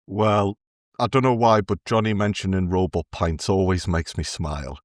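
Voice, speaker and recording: A man as guest on a casual football podcast, relaxed and teasing the hosts. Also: sits low, moderate pace, no echo, clean studio sound. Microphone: remote call.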